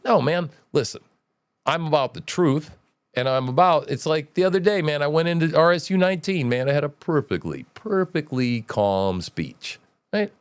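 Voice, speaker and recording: Blunt, profane man ranting with lively pitch. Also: moderate pace, smooth, dry recording. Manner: blunt, profane, preachy rants; jumps between mocking quotes and lectures. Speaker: livestream show host. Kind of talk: combative political and religious commentary.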